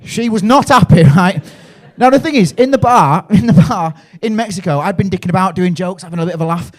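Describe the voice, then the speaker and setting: A young man from England with a Yorkshire accent, doing a stand-up set at a comedy club and telling crude, rambling stories with loud act-outs. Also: high-pitched, a little fast.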